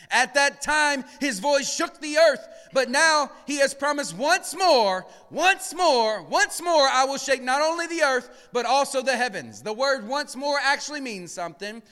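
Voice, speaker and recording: A male pastor preaching a sermon in a church. He drops to hushed murmurs, then rises to shouted emphasis, and calls on the congregation to answer back. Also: extremely high pitch, lively intonation, moderate pace, big-room sound. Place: church sanctuary.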